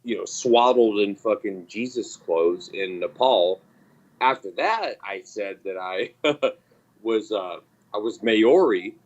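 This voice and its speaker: A man's voice: lowish voice, animated, slow pace. Profane sarcastic man ranting, lo-fi. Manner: profane, sarcastic storytelling, mocking quotes in raised voice. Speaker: podcast host. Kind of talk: casual ranting chat. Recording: dull lo-fi sound.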